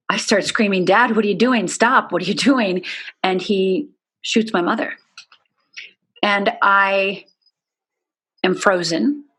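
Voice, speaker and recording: A middle-aged woman appears as an interview guest and tells her own story in a medium-pitched, fairly bright voice. Candid and earnest, she leans on "you know" often as she talks.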